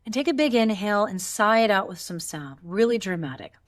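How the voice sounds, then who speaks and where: A woman voice teacher talks a class through a guided vocal exercise in a calm, encouraging tone. She shows each step with sighs and yawns and walks the listener along. Her voice sits at an ordinary middle pitch for a woman. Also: a little fast.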